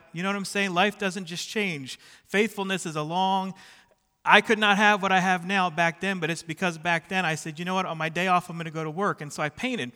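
A man's voice: sits high, bright, forceful tone, big-room sound. A middle-aged man preaching a sermon in a church sanctuary, chatty and self-deprecating, who keeps checking in with the congregation. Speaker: pastor. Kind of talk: sermon with personal stories.

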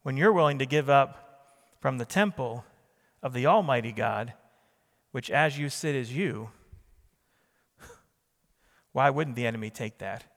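A man's voice: medium pitch, measured pace, creaky, pauses often, fairly bright tone, in a large hall. A man preaching a sermon as pastor, emphatic, repeating key phrases and putting questions to the congregation.

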